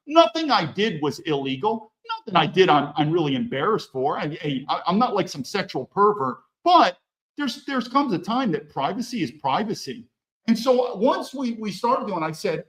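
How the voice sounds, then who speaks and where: Male podcast guest with a high, animated delivery and a blunt, profane edge. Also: normal speed, poor audio. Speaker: podcast guest, former federal agent. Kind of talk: animated conversational storytelling.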